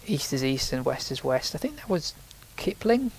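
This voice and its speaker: Chatty man with a higher voice. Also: sing-song, normal speed, a little hiss or hum. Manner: rambling, chatty, swears when startled. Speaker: let's play host. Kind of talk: casual gameplay commentary.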